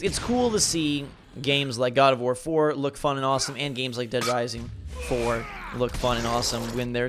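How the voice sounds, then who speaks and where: A man's voice: mid-range voice, fairly bright tone, a little hiss or hum. A young man giving casual, enthusiastic gameplay commentary, rambling with fillers and sounding tired late at night. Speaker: gaming video host.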